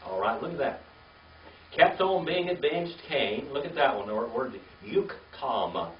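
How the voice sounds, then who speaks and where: Slow older male Bible teacher. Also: medium pitch, lively intonation, slight background noise. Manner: slow and patient, spells words out letter by letter. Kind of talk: classroom Hebrew reading lesson. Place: classroom with a small group. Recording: echoey, distant, dull lo-fi room recording.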